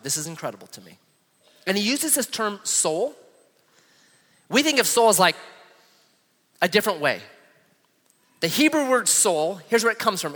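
A man preaching a sermon as pastor, animated, reading scripture aloud slowly. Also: high voice. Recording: long hall reverb.

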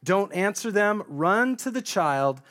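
A stern old prophet issuing orders , as a preacher voices him. He speaks in firm, measured commands, the pace slowed for weight, within a spoken sermon story. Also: high-pitched, animated, a bit bright, exaggerated voice. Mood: commanding.

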